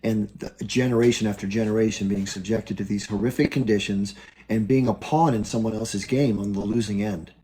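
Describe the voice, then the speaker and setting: A man hosting a live stream, talking in an earnest, reflective way and laying out his argument calmly. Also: on the low side, a little fast, poor audio. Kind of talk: casual live-stream talk.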